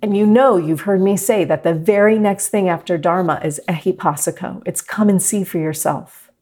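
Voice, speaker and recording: A middle-aged woman teaching a meditation class, talking gently and reflectively to her students. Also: fairly low pitch, normal speed. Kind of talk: guided meditation talk.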